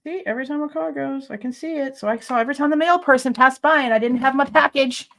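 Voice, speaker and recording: A woman's voice: high-pitched, quick pace, a bit bright. A woman hosting a casual livestream, chatting with viewers and greeting them by name, laughing often. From Ohio. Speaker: livestream host.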